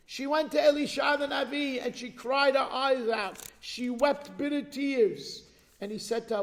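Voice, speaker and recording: A man giving a sermon at an organization's event, telling a religious story with animated delivery and checking in with the audience. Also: very high voice, unhurried. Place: large hall at an event. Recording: long reverb of a large hall.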